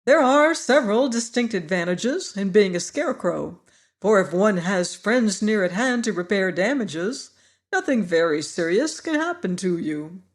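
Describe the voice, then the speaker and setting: A man reading an audiobook and voicing a cheerful scarecrow king who speaks brightly and gaily. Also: high voice, expressive. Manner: bright, brisk, gaily reassuring. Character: cheerful straw-stuffed scarecrow king, gay and chatty. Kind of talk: audiobook character voice.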